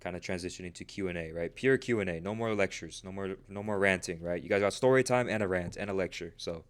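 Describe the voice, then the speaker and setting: A man's voice: low-pitched, fast. A man of twenty hosting a casual livestream about trading, talking earnestly and motivationally, peppering his speech with "right?" and "bro". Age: 20s.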